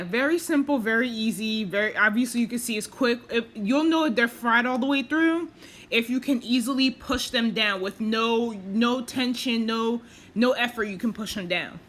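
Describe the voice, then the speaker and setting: A woman's voice: on the high side, fairly bright tone. A woman talking casually over her cooking video, chatty and self-deprecating, with plenty of fillers as she explains each step. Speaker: cooking vlogger.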